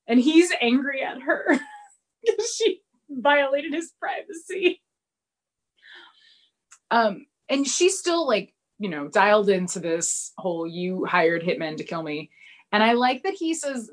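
A woman's voice: mid-range voice, expressive, unhurried. A woman, casually recapping an episode and acting out the characters' lines with bursts of laughter. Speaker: podcast co-host recapping a TV episode. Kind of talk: casual chat.

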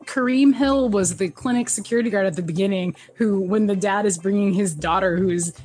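A woman casually recapping a TV episode as a podcast co-host, animated and laughing often, jumping up in pitch when she quotes characters. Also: a little fast, soft background music. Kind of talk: casual chat.

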